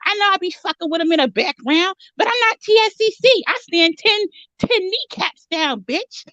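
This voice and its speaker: A woman plays a crude, boastful woman from Philadelphia with a Philadelphia accent, pitched very high in a mock interview sketch. Every answer comes out combative. The recording is dull and lo-fi with a dry sound. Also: lively intonation, normal speed, sharp tone, no room sound, exaggerated voice. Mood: indignant. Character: brash foul-mouthed Philadelphia woman interviewee.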